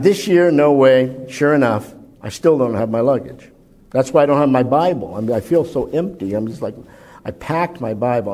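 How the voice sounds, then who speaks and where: A man preaching a conversational sermon, asking his listeners questions and swinging his pitch and volume widely for emphasis. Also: darkish tone. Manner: conversational, asks the audience questions.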